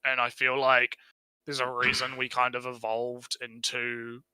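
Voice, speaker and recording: Bright-voiced Kiwi man, casual chat. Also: mid-range voice, completely flat delivery, unhurried, clean tone, dry recording, low-quality recording. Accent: New Zealand. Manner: rambling, swears, laughs often. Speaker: podcast co-host.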